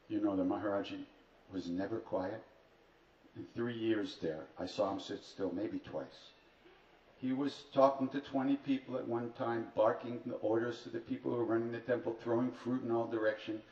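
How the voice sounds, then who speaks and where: A man's voice: lowish voice, darkish tone, slight background noise. A man at a retreat telling humorous stories to an audience, with wry, dry asides and self-mocking humor. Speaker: spiritual teacher speaking at a retreat. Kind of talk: humorous storytelling talk to an audience. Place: retreat hall. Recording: distant, roomy, dull live hall recording with faint ambience.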